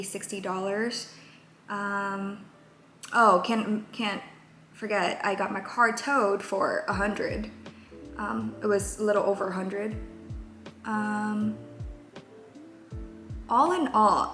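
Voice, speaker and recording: A woman's voice: medium pitch, fairly bright tone. A young woman in her twenties talking candidly in a casual vlog, rambling with many fillers. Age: 20s. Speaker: vlogger. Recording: roomy echo, faint music.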